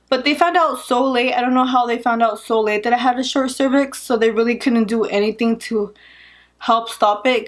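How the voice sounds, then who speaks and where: Her voice on the high side, a young woman vlogger relates a personal anecdote. The telling is relaxed and spirited, full of laughs and the word "like."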